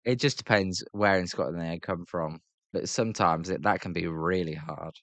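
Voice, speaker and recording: A man's voice: low voice, moderate pace, fairly bright tone, no echo. A British man hosting a live baseball reaction stream, mixing casual play-by-play with chatty, rambling talk full of fillers and restarts.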